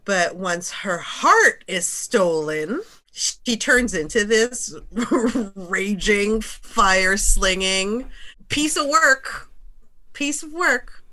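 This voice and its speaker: Bright-voiced chatty woman. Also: mid-range voice. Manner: animated, chatty, many fillers. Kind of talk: casual chat.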